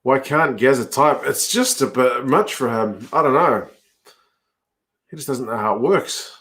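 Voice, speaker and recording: A man's voice: medium pitch, lively intonation, a little slow, fairly bright tone. Chatty New man reacting to rugby. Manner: chatty, reacting aloud to play and reading viewer comments. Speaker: watch-along host. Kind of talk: casual live rugby watch-along chat.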